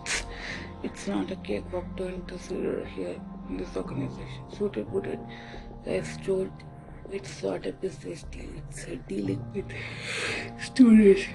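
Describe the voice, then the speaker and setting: A storyteller with an Indian English accent, talking casually and haltingly, acting out the dialogue and switching into Hindi now and then. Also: medium pitch, big pitch swings, gravelly. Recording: music playing behind the voice.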